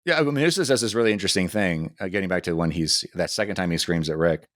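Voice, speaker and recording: A man co-hosting a podcast, retelling TV scenes in a fast, animated way with many restarts. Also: sits low, dry recording, clean studio sound. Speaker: podcast co-host. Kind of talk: casual TV discussion.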